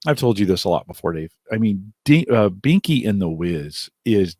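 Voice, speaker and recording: A man with a low voice co-hosting a casual podcast, his pitch moving in lively swings. He talks in an earnest way and laughs easily. The sound is dry and close. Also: moderate pace, no room sound. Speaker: podcast co-host.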